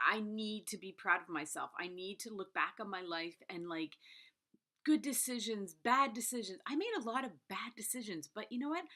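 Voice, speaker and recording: Bright-voiced chatty woman in her fifties. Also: medium pitch. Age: 50s. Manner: candid and chatty, many "like"s and "right?". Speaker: book review vlogger. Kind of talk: casual chat.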